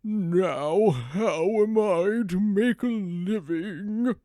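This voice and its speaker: A man voicing an old, tired male dog with a slow, strained, whining delivery. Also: high voice, mellow, dry recording, studio quality, voice pushed up. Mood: weary. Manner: slow, strained, rising whine.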